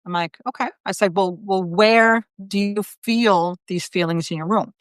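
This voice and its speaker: A woman's voice: mid-range voice, normal speed, no echo, clean studio sound. A middle-aged woman, a psychic medium hosting a live video, telling a story in a chatty way with many fillers and quoted voices. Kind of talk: casual storytelling on a live stream.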